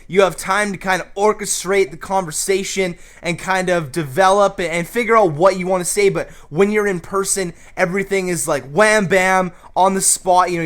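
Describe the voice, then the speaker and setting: A man hosting a comedic advice vlog and shouting hyped gameplay commentary, brash and crude with constant jokes. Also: high voice. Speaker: YouTube host.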